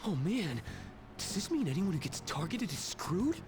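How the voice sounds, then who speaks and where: An actor playing an anxious, gossipy male high school student in a video game, heard over game music. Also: very animated, normal speed, a little mellow, a little hiss or hum. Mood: worried. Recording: game audio under background music.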